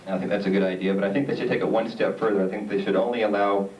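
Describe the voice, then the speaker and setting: A man's voice: fairly low pitch, flat delivery, highs cut off, a little hiss or hum. A man doing a stand-up comedy set on stage, rambling along with plenty of hesitant filler. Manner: rambling, halting delivery with many "uh"s. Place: theater stage. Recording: echoey theater recording from far off. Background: audience laughter.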